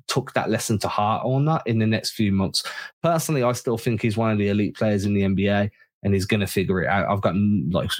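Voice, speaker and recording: A man co-hosting a sports podcast, giving emphatic opinions in casual chat. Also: on the low side. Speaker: podcast co-host.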